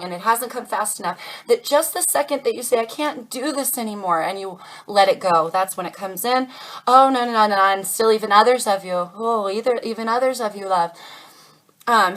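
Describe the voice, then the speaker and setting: A woman's voice: mid-range voice, bright, forceful tone, poor audio. A woman giving a casual tarot reading to camera, chatty and reassuring, calling her viewers darlings. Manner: chatty, calls viewers darlings, channels spirit messages. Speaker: tarot reader.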